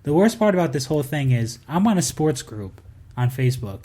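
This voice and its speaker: A man's voice: on the high side, very animated, dark tone. A man co-hosting a casual sports podcast, talking in a heated, emphatic rant. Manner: heated ranting, quick and emphatic. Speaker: podcast co-host.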